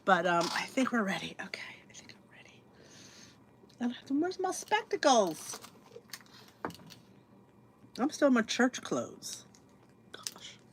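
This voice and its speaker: A woman's voice: mid-range voice, animated, measured pace, pauses often, a little hiss or hum. A woman hosting a casual livestream podcast, chatty and a bit scattered, talking to herself while she sets up. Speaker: podcast host.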